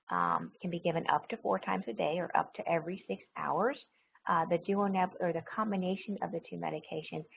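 A woman teaching a recorded pharmacology lecture, explaining step by step, repeating key points and pausing with frequent ums. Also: lowish voice, vocal fry, narrow, tinny audio, slight background noise. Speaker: nursing pharmacology instructor.

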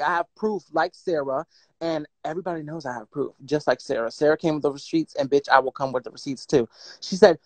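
A woman, telling her story on a phone livestream in a blunt, profane, animated way and reading out text messages. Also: low voice, a little fast, dry recording.

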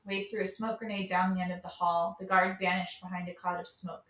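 A woman reading a novel aloud in a steady storybook manner. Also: on the low side, fairly quick, few pauses. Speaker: read-aloud reader. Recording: roomy, from a distance.

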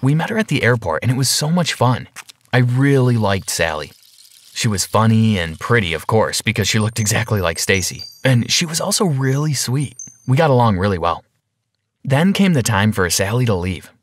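A man narrates a first-person animated story time in a low voice. His pitch rises and falls widely, and he slows down for the dramatic reveals.

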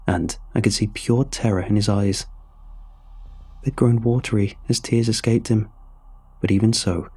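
Low, husky man reading a horror story. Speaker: narrator. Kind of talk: scripted horror story narration. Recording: soft music underneath.

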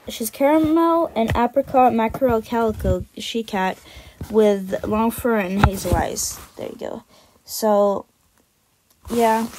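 A woman's voice: on the high side, darkish tone, slight background noise. A woman on a video channel casually describing her drawn cat characters, rambling and self-deprecating, with many fillers and some casual swearing.

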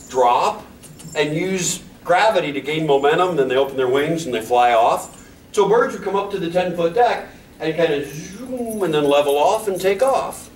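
Man, panel host, animated storyteller, sound effects, distant mic, room buzz behind. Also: high-pitched. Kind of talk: humorous anecdote on a panel. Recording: echoey hall, distant mic, room noise.

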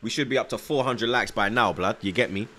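A young man chats casually on a live football stream, reading out viewer comments in slang and repeating himself, nervous yet hyped. His fairly low voice sounds pushed and bright, at a fairly quick pace.

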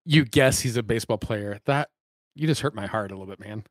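A man's voice: on the low side, brisk, no echo, clean studio sound. A man hosting a podcast, chatting with easygoing, friendly banter. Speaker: podcast host. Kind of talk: casual chat.

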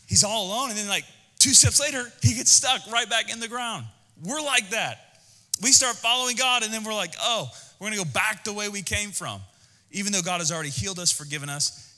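Lively, bright-voiced male pastor preaching. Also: sits high, in a large hall. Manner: animated, conversational preaching with jokes. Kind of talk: sermon. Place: church auditorium.

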